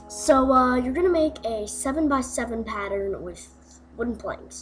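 A young woman talks through a game tutorial at an unhurried pace, her voice sitting a little high. She rambles, drops in goofy asides, and leans on "uh". Guitar music plays clearly behind her. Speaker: gaming video maker. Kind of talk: casual game tutorial voice-over.

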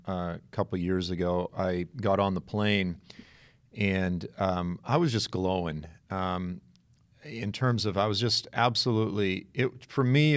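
Gravelly low-voiced man hosting an interview. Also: no room sound, clean studio sound. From South Boston. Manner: animated storyteller, acts out quoted voices. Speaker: interview host. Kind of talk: casual conversational interview.

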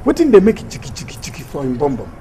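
An actor with a Nigerian Pidgin accent playing a cheeky young houseboy who begs and jokes. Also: male voice, on the high side, wildly swooping pitch, very fast, a crowd in the background, poor audio. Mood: pleading. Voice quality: Pidgin banter, begging tone. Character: cheeky young male houseboy, pleading and joking.

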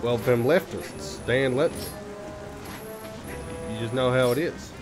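A man's voice: medium pitch, a little slow, natural voice, poor audio. A man putting on a stereotypical American accent as a drawling, slangy, grumbling American man. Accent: stereotypical American, put on. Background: video game music.

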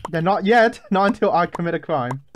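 Man, gamer, running commentary, joking, slightly high pitch, faint hiss. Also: lively intonation, a little fast. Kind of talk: casual gaming chat.

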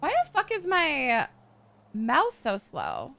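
A woman in her twenties chatting casually on a live game stream, excitable and swearing freely. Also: high-pitched, takes it slowly, vocal fry. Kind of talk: casual live-stream chat while role-playing a game.

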